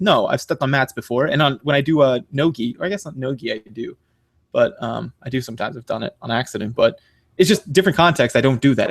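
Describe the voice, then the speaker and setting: A man hosts a casual podcast, rambling quickly through stories and correcting himself as he goes. His voice sits in a middle range and is recorded dry and close, with no room sound. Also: mid-range voice, dry recording. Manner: rambling, self-interrupting, swears casually. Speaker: podcast host.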